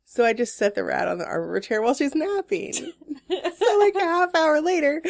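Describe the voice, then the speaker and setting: A woman co-hosting a casual chat podcast, telling a story in a lively, laughing way and swearing freely. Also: high-pitched, normal speed, gravelly. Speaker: podcast co-host. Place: Portland, Oregon area.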